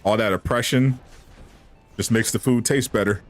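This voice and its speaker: A man's voice: mid-range voice, normal speed, faint music behind. A man chatting casually on a live stream, answering viewers with teasing banter and frequent laughs. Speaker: gaming streamer.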